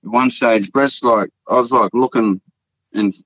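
A man's voice: mid-range voice, steady tone, unhurried, fairly bright tone, no room sound. An Australian man from the Northern Territory, telling a story as a podcast guest in a casual, rambling way full of fillers and swearing. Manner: rambling, profane, repeats words and fillers. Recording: dull, dry lo-fi podcast audio.

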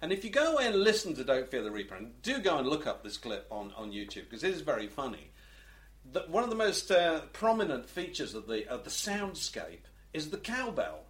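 A middle-aged man rambles through stories on a podcast, often restarting his sentences. His voice sits a little high and swings up and down in a lively way. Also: fairly quick. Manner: rambling, hesitant storytelling with restarts. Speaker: podcast co-host. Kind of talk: casual podcast chat.

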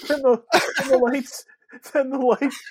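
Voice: sits high, unhurried, slightly rough, dry recording. Incredulous, swearing podcast co-host. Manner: relaxed, swears casually, incredulous asides. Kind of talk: casual movie-review chat.

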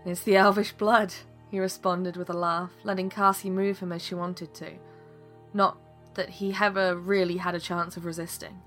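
A woman's voice: lowish voice, flat delivery, normal speed, a bit bright, faint music behind. A woman reading a fantasy story aloud, voicing every character in her own voice. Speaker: narrator.

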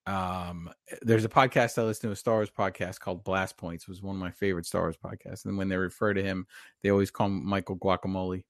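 A man co-hosting a casual podcast chat, talking quickly with fillers and easy laughs. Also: deep voice, flat delivery, dry recording, studio quality. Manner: chatty, talks fast with laughs and fillers. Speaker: podcast co-host.

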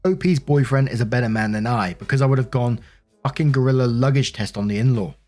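A man's voice: medium pitch, animated, fast talker, a little mellow, soft background music. British man reading online stories. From United Kingdom. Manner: blunt, swears casually in asides. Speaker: storytelling channel narrator. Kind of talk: reading online posts aloud with casual commentary.

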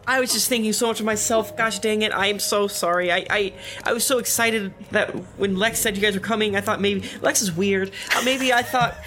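A woman voicing an excitable young male gnome adventurer who stammers and gushes. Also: mid-range voice, a little fast, few pauses, background noise, close to an everyday voice. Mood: gushing. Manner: eager, stammering, gushing.

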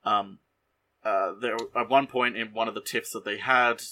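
A man co-hosting a podcast, casually sharing behind-the-scenes trivia in a halting way, full of ums and likes. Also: lowish voice, steady tone, pushed and bright. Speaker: podcast co-host.

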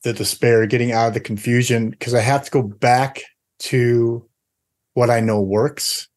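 Give me an earnest man with a mid-pitched voice co-hosting a faith podcast. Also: steady tone, measured pace, darkish tone. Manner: earnest, quotes scripture. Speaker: podcast co-host. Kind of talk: casual faith talk.

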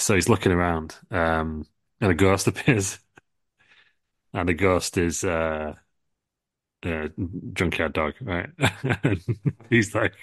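A man's voice: low voice, a little slow, long pauses, a bit bright, dry recording. A man co-hosting a podcast, telling a rambling comic story and giggling as he goes. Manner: giggling, meandering. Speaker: podcast co-host.

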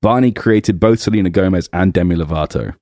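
A man's voice: sits low, brisk, no room sound, clean studio sound. A man, co-hosting a podcast in casual chat, playful and jokey. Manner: playful, jokey, lively delivery. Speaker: podcast co-host.

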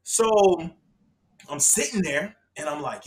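A man from Florida telling a funny story to friends in a casual chat, dropping low then shouting. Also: fairly quick. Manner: animated, laughing, swings from low mumble to loud shouting.

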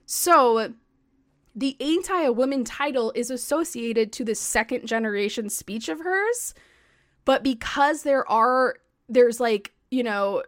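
A woman co-hosting a podcast, telling history in a casual, excitable way, full of "like" and the odd swear. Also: fairly high pitch, a little slow. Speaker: podcast co-host.

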